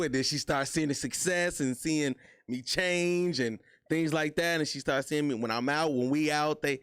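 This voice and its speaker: A man hosting a casual interview, easygoing and quick with affirming interjections. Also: medium pitch, smooth, no echo, studio quality. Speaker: host.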